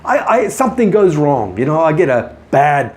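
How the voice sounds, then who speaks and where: An earnest man talks straight to camera with encouraging motivational advice for his viewers. His pitch moves a lot as he leans into each point. He restarts words now and then and calls the audience his friends. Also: very animated, moderate pace, a little mellow. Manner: repeats himself with small restarts. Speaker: artist giving business advice, host of a daily video show.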